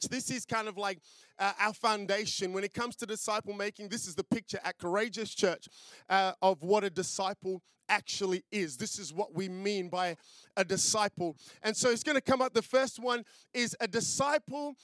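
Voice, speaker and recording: A man's voice: high voice, fairly bright tone, no echo. A man in his thirties with an Australian accent, a pastor preaching a sermon in a chatty, storytelling way, full of fillers and restarts. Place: church.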